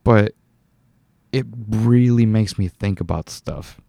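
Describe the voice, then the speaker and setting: Young dude rambling solo on his podcast, lowish voice, dry sound, keeps restarting his sentences. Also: slow pace, vocal fry, mellow, dry recording. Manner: rambling, self-correcting, chuckles often. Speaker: podcast host. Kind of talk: casual solo podcast monologue.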